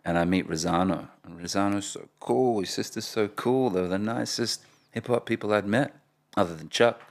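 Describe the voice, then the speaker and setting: A man, speaking in a very low voice with a rough, gravelly fry. He is a guest in a casual interview and tells his stories with animation, often breaking into laughter. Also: moderate pace. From Australia (Perth). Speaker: guest, rapper.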